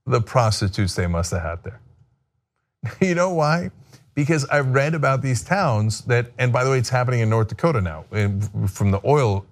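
Guy hosting a chatty show, laughs a lot, does funny voices for quotes. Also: mid-range voice. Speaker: show host. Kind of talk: casual chat reacting to a viewer video.

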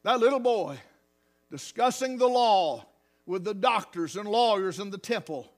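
A man preaching a sermon as pastor, moving from quiet talk to loud, rising calls with hallelujahs. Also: high voice, expressive, measured pace.

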